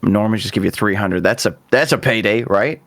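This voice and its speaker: A man's voice: lowish voice, a little fast, fairly bright tone, dry recording. A man playing in a tabletop game, chatting in a playful, persuasive way. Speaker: player.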